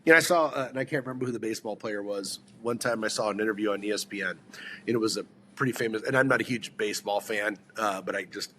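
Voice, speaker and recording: A man's voice: on the low side, fast, bright, forceful tone, slight background noise. A man giving sales advice in a casual podcast chat, rambling, restarting sentences and firing questions at his listeners.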